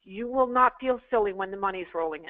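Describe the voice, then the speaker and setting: A woman sales trainer speaks quickly at a medium pitch. In this interactive online class she coaches callers through emphatic drills, repeating phrases for practice, and the audio is tinny like a phone.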